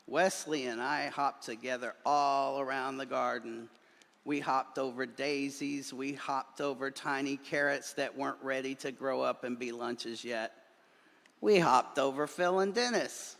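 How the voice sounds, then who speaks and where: A male minister reading a children's story aloud in a church, doing animated voices for the characters. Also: medium pitch, unhurried, creaky. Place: church sanctuary. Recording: long reverb of a large hall.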